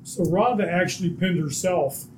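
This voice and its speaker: A man's voice: high voice, normal speed, darkish tone, a little hiss or hum. A man co-hosting a casual wrestling podcast, adding dry interjections. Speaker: podcast co-host. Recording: echoey room mic.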